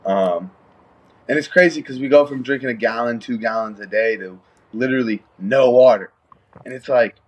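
A man's voice: medium pitch, moderate pace. A young man, a pro fighter, talking in a laid-back, slangy way. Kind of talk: casual chat.

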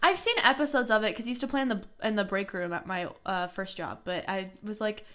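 A woman co-hosting a casual gossip podcast, reacting with incredulous questions and quick interjections. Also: mid-range voice, crowd noise. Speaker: podcast co-host. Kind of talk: casual pop culture gossip chat.

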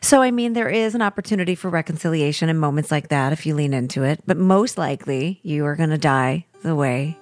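A woman from New Jersey hosting a podcast, asking curious questions and joking in a lively, casual way. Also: low-pitched, fairly quick, few pauses, no room sound, soft background music. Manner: curious, animated, jokey. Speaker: podcast host.

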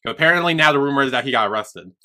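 Bright-voiced young man recapping a show. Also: mid-range voice, expressive, very fast. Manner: rambling, swears freely, acts out characters' lines. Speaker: podcast co-host. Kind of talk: casual recap chat.

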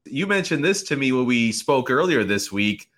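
A man's voice: mid-range voice, sing-song, normal speed, a bit bright. A man interviewing a guest in casual talk, easygoing and teasing, often laughing along.

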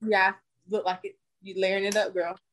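A woman's voice: medium pitch, little pitch movement, normal speed, a bit bright, slight background noise. A woman co-hosting a casual chat, teasing her partner and explaining her view patiently. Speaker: podcast co-host.

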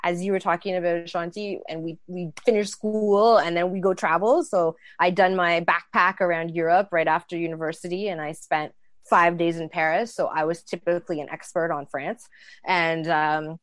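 A woman in her thirties telling a casual, animated story, acting out the lines of others. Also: lowish voice, moderate pace, dry recording. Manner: animated, acts out dialogue. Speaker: storyteller guest.

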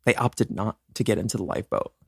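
A man co-hosting a casual podcast chat, joking, telling stories with animated swings and laughing often. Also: on the low side, quick pace, vocal fry, husky, dry recording, studio quality. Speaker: podcast co-host.

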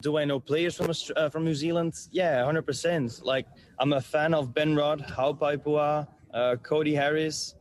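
Cheerful, laughing darts player on a call. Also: male voice, a little high, steady tone, normal speed. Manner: cheerful, laughs often, guesses playfully. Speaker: interview guest, darts player. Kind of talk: casual interview over video call.

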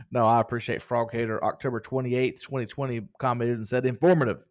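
Man, podcast co-host, playful, joking, casual chat, ordinary male pitch. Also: brisk, few pauses.

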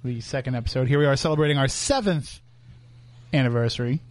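A man's voice: mid-range voice, fast talker, dry recording. A man hosting a radio show from a studio, chatting casually with his co-host and laughing often. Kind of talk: casual on-air banter. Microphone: studio microphone.

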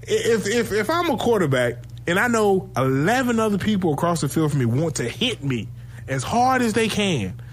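A man's voice: high voice, moderate pace, a little hiss or hum. Casual man telling football stories. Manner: animated storytelling, swearing, laughs often. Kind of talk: casual sports chat.

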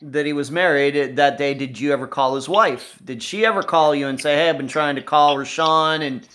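An interviewer asking calm, leading questions and affirming what they hear. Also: mid-range voice, moderate pace.

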